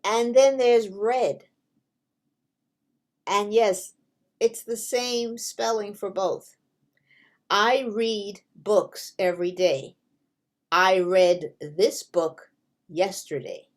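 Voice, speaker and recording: A woman teaching English pronunciation at a very slow, deliberate pace. She lays out each example word carefully, patient with her learners, and her pitch sits in an ordinary middle range. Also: steady tone. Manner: drawn-out, carefully spaced delivery with examples.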